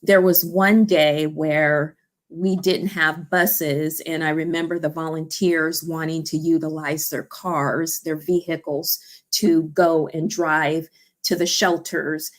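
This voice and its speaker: A woman's voice: low voice, little pitch movement, slow. A woman who founded a support organization tells a personal story in an interview, earnest and heartfelt, often saying "you know" and "I remember".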